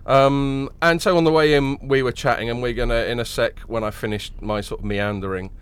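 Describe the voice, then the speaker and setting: With a faint hiss or hum in the background, a man hosts a podcast in a medium-pitched, steady, fairly quick voice. He sounds nasal and tired from a late night, rambling, joking, and filling the casual talk with fillers and restarts.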